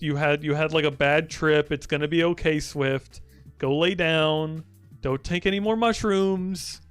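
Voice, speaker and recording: A man's voice: a little high, clear, resonant tone. A young man streaming live, chatting casually, teasing and swearing as he rambles.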